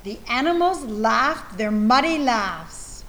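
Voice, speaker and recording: Very slow, lively woman reading a storybook. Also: high voice, rough recording. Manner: expressive, sounds out animal noises. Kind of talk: reading a children's picture book aloud.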